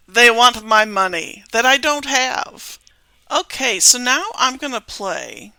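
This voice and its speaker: A woman's voice: mid-range voice, vocal fry, bright, forceful tone, dry recording. An older woman hosting a podcast, chatting casually with a sarcastic, amused edge. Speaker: podcast host.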